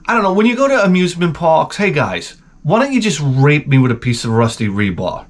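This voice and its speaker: A man's voice: on the high side, a bit bright. A man in his forties, the channel host, telling a profane, rambling comedic rant.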